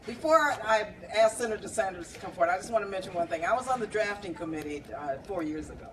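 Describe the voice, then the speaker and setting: A woman's voice: mid-range voice, lively intonation, fast talker, fairly bright tone. Woman hosting a reception, heard from afar. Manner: conversational, with wry laughs and fillers. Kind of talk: speech introducing speakers. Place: bar reception room, indoors. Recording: distant camera with background noise.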